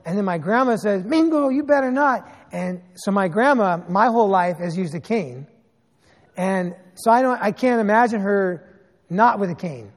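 A man in his thirties preaching a sermon as a pastor, telling stories in an animated way with sarcastic asides. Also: sits high, moderate pace, big-room sound.

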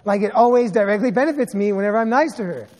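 A fairly high-pitched man in his thirties, preaching as a pastor. He tells his stories in an animated way and slips in sarcastic asides. His voice rings out with a long reverb, as in a church hall. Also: racing. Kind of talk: sermon.

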